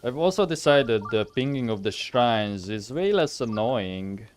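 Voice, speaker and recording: A man's voice: medium pitch, lively intonation, a little slow, faint music behind. A young man streaming a game, chatting casually and thinking aloud as he rambles with fillers. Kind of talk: casual live game commentary.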